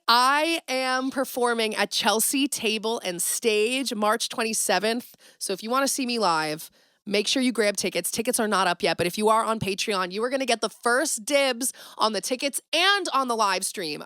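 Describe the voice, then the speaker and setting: A woman hosting a casual solo podcast, talking dramatically and swinging from loud exclamations to hushed asides. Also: fairly high pitch, moderate pace, smooth, no room sound, clean studio sound. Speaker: podcast host.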